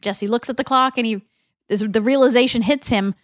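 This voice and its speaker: Higher-voiced woman recapping a show. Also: brisk, no echo, studio quality. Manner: retells scenes, reading characters' lines aloud between chatty asides. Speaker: podcast co-host. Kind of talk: episode recap narration.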